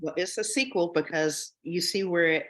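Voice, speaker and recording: A woman's voice: fairly low pitch, normal speed, fairly bright tone. A woman author being interviewed over a video call, speaking in an earnest, reflective way and often restarting her sentences. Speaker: author and guest. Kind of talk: interview conversation.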